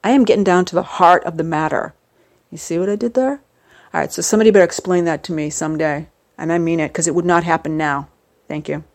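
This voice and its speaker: Rambling, lower-voiced middle-aged woman. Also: fast talker. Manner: rambling, jokey, with sudden rises in pitch for emphasis. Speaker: vlogger. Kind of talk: casual monologue to camera.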